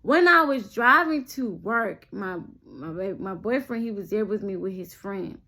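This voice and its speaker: A young woman telling a storytime vlog, animated and constantly addressing her viewers directly. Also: medium pitch, measured pace. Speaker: vlogger.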